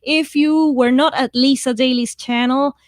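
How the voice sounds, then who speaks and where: In a dry recording, a woman with a high voice and fairly even intonation speaks at a measured pace while hosting a writing write-in livestream. Her accent is mixed and shifting, and she reads viewer comments aloud, laughs often, and jokes at her own expense.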